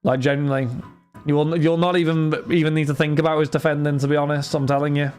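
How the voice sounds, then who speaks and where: A man's voice: fairly high pitch, little pitch movement, fast, darkish tone, clean tone, soft background music. Chatty man hosting a live stream. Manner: chatty, addresses chat and viewers by name, frequent restarts. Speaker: livestream host running card breaks. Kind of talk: casual livestream chat.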